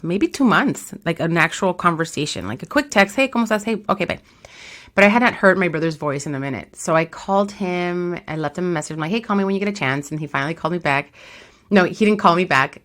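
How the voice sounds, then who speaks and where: Woman podcast co-host, low-ish lively voice, story-driven casual chat. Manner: animated storytelling, acts out quotes, laughs often.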